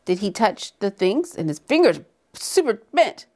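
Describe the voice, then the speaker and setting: A woman's voice: mid-range voice, sing-song, a little slow, dark tone. A woman hosting a reaction video, exclaiming and laughing as she watches. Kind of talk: casual reaction commentary.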